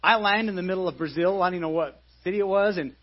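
A man's voice: high voice, racing, dull audio. A pastor in his forties giving a live sermon in a church, conversational, with many restarts and repeated phrases. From United States.

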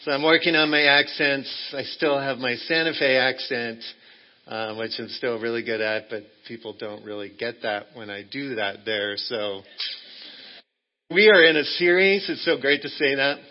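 A man's voice: medium pitch, steady tone, normal speed, dull audio. A man preaching as a guest in a church, friendly and joking, talking in a loose, rambling way, living in Texas. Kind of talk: sermon.

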